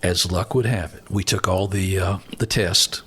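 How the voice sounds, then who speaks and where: An older man from Alabama with a deep, slightly rough voice at normal speed. A former Marine aviator, he's an interview guest telling stories from his life, animated as he acts out other people's voices.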